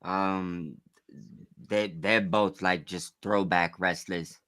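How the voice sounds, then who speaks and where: Man, casual podcast chat, excitable, rambling, bright voice, dry close sound, lowish pitch. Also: slow, dry recording.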